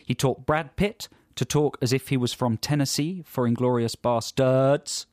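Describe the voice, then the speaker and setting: A man's voice: mid-range voice, moderate pace, darkish tone, no room sound, clean studio sound. Enthusiastic man telling a story. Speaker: podcast co-host. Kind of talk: casual comedy chat.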